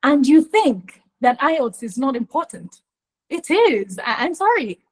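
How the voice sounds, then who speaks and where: Woman, emphatic, animated, webinar talk, slightly high voice. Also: a little slow, rough recording. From Nigeria. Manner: emphatic, animated, often acts out mispronunciations. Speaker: webinar speaker on pronunciation.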